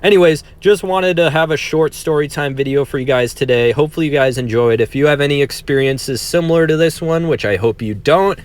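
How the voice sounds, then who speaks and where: A man's voice: a little high, a little fast, few pauses. A young man telling an embarrassing personal story in a casual vlog, candid, profane and self-deprecating. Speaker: vlogger.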